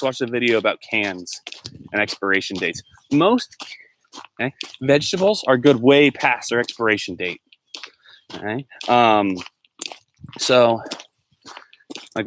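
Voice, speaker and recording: A man's voice: mid-range voice, fairly bright tone, a little hiss or hum. A man, a teacher, live-streaming from a walk in the woods on his phone, chatting casually and rambling as he reads out viewer comments. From Pennsylvania. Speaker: teacher and vlogger. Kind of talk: live-stream walking vlog. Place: outdoors, walking in the woods.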